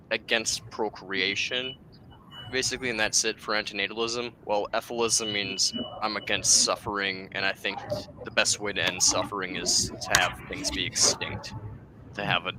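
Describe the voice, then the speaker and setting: A man from Wisconsin with an Upper Midwest American accent, chatting casually, laughing often and rambling between jokes and explanations. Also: lowish voice. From Wisconsin, United States. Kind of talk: casual debate chat. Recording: loud background noise.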